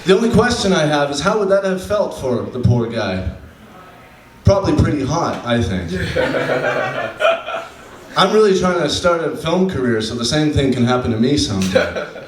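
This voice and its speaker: A man doing a stand-up comedy set on a club stage, deadpan, slowing down for his punchlines. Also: on the high side, background noise. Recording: echoey room from a distant mic, faint ambience.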